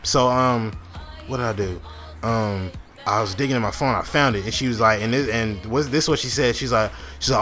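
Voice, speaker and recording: Young man, casual storytime, rambling, lots of fillers, swears, mid-pitched voice, faint music behind. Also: moderate pace, a bit bright. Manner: rambling, many fillers and restarts, frequent profanity. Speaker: gaming channel host. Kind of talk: casual storytime over gameplay.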